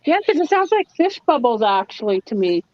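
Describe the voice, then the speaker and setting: A woman chatting as a guest in a casual live chat, playful and quick to laugh. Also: fairly high pitch, sing-song, muffled recording.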